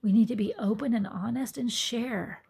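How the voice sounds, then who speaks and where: A woman's voice: on the high side, normal speed, gravelly, breathy edge. A woman yoga teacher talking earnestly into her phone in a reflective personal monologue, sometimes dropping to a whisper. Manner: earnest, soft-spoken, drops to whispered asides.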